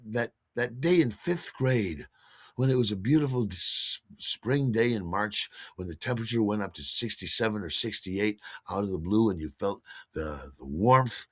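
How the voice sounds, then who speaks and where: A man's voice: lowish voice, no room sound. A man hosting his own podcast, telling a long personal story in a casual way and acting out the voices of the people in it. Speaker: podcast host.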